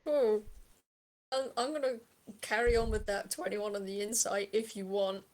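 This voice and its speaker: A woman game master narrating a tabletop scene from home. Her delivery is halting, full of pauses and restarts. She speaks at an ordinary, middle pitch. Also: steady tone.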